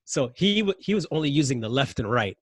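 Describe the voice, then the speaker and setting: Animated man telling stories, dry sound. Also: mid-range voice, a little fast, slightly rough, no room sound. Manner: animated, acts out yelling in anecdotes. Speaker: podcast guest. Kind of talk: casual interview storytelling.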